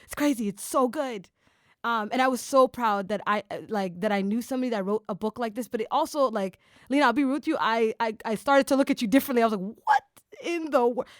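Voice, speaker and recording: Animated, higher-pitched woman podcast host. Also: fast, hardly any pauses, dry recording, studio quality. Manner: animated, enthusiastic, talks in bursts with many fillers. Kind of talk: casual interview chat.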